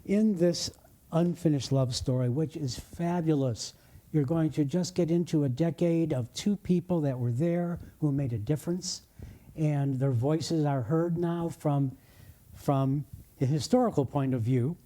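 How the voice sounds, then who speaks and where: An older man hosting a bookshop interview, speaking haltingly and filling his pauses with many hesitations. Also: on the high side, dark tone. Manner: halting, frequent "uh" fillers. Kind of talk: conversational interview.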